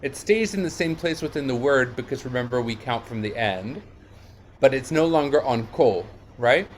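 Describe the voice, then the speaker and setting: A man's voice: medium pitch, expressive, moderate pace, a little hiss or hum. A man teaching Italian diction in an online lesson, explaining step by step and checking in with "yeah?" and "right?".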